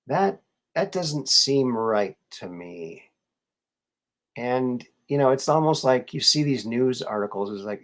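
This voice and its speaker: A man in a mid-range voice hosts a casual live show, talking slowly and taking his time. He muses and rambles, trailing off into fillers and restarting his sentences. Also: medium pitch, lively intonation, a bit bright. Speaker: show host.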